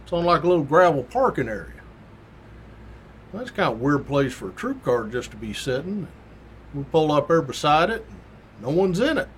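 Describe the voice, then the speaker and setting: A man's voice: on the high side, sing-song, moderate pace, pauses often, slight background noise. A former state trooper telling a story from his patrol days in a folksy, slangy way. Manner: folksy, colorful, down-home slang. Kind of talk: casual anecdotal storytelling.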